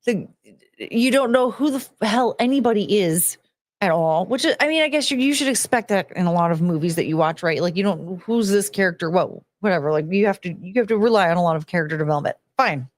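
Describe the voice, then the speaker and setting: A woman's voice: mid-range voice, lively intonation, fast talker, no echo. A woman hosting a podcast, ranting bluntly and casually, swearing and restarting her sentences. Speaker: podcast host. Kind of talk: casual opinionated rant.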